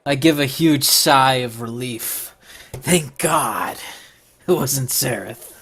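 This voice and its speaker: A man's voice: mid-range voice, slow, a bit bright, a little hiss or hum. A man playing in a tabletop game who presses the game master with questions. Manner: pushy, questioning. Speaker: player. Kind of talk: casual in-character tabletop play.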